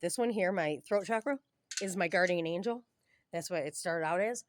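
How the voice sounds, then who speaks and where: A woman's voice: lowish voice, moderate pace, background noise. A middle-aged woman chatting in a meandering, giggly way with many tangents, filming her home on a handheld phone. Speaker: vlogger. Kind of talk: casual rambling home vlog. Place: at home, indoors. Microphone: handheld phone camera filming the room, face off screen.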